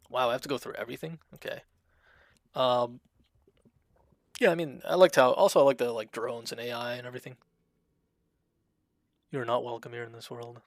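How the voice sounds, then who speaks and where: Monotone man streaming a game, dry sound. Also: medium pitch, normal speed, long pauses, no echo. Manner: self-described monotone, dry delivery; chatty, reads game options aloud. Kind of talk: casual live game-stream commentary.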